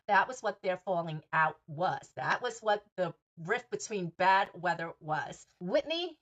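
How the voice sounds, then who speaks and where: A woman's voice: lowish voice, expressive, a little slow, a bit bright, dull audio. Sassy profane woman recapping gossip. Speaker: podcast host.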